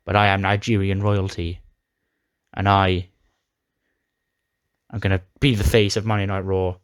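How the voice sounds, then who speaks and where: A man's voice: sits low, level tone, a little slow, clear, resonant tone, no room sound, clean studio sound. A man voicing a boastful male pro wrestler who taunts a smaller rival. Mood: taunting. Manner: cocky, taunting.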